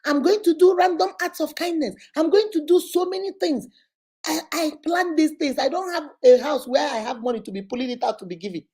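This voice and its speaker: A woman's voice: high voice, a little fast, darkish tone. A middle-aged Nigerian woman vlogger giving chatty, preachy relationship advice to her followers, slipping into pidgin and Igbo words. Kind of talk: casual advice talk to followers.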